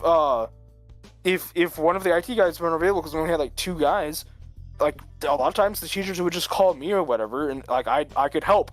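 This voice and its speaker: A man telling a long story in casual chat, rambling with lots of filler words and frequent chuckles. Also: a little high. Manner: rambling, full of "like", chuckles often.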